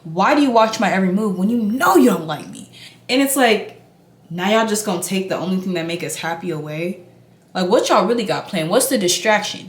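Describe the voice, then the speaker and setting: A woman's voice: mid-range voice, a little fast. A young woman in a get-ready-with-me vlog, chatting casually while she does her makeup. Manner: chatty and animated, talking while doing makeup. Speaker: beauty vlogger. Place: indoor room, hotel. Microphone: camera mic. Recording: echoey room.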